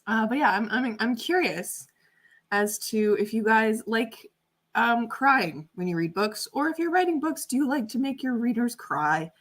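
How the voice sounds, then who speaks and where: A woman's voice: a little high, lively intonation, a little slow. A young adult woman chatting casually on a livestream, giggly and talkative, with lots of fillers. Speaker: livestream host and author. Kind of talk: casual chat on a writing livestream.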